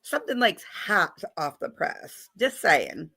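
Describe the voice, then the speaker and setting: A woman's voice: mid-range voice, very animated, slow pace, vocal fry, sharp tone, slightly rough. A woman hosting a live stream in a chatty, playful way, greeting viewers by name. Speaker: livestream host. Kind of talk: casual live-stream chat.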